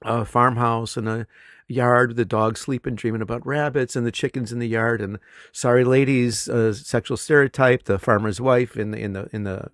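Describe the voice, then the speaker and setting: Animated, laughing middle-aged male teacher. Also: mid-range voice, normal speed, no room sound, clean studio sound. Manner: animated storyteller, laughs often. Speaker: English teacher. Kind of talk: casual conversation.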